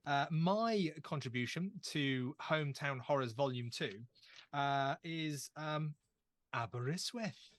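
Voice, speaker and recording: A man's voice: fairly high pitch, slow pace, no room sound. A young man running a tabletop horror game as game master, chatty and self-deprecating as he sets the scene. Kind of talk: actual-play game narration.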